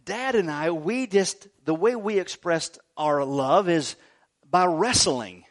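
A middle-aged man preaching with a high, bouncy voice that swings freely up and down. He keeps it light and joking, tossing "right?" to his listeners between points. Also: slow. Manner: animated, jokey preaching with frequent "right?" asides. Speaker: pastor. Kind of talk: sermon.

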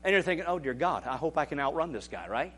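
A man preaching a sermon as pastor, animated and building to shouts. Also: a little high, quick pace, slightly rough.

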